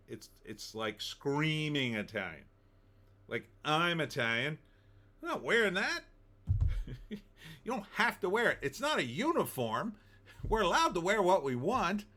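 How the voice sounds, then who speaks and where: A man's voice: mid-range voice, sharp tone. A man hosting his own show, giving a chatty, wry and opinionated reaction to a movie trailer. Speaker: screenwriter and online show host.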